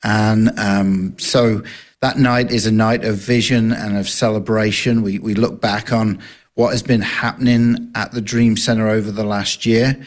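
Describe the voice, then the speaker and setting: A man's voice: on the low side, level tone, measured pace. A man with a foreign accent, a ministry leader giving an easygoing radio interview with many fillers. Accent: non-American, from further south than Texas. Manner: easygoing, joking, with hesitant fillers.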